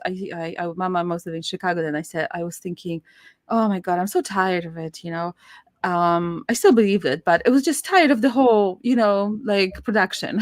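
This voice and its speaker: A woman guest telling a personal story in casual conversation, animated and laughing often, her voice jumping high when excited. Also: no room sound, clean studio sound.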